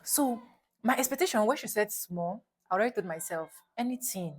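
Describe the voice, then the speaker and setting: A woman's voice: mid-range voice, lively intonation, normal speed, slight background noise. Dramatic Nigerian woman telling a story. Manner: dramatic, repeats phrases for emphasis. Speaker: YouTube vlogger. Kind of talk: storytelling vlog.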